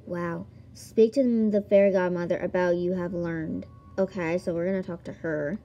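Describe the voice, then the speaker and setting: Giggly woman gamer, mellow voice. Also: fairly low pitch, steady tone, moderate pace, lo-fi sound. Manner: giggly, reads game text aloud, exclamatory. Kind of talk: let's-play commentary.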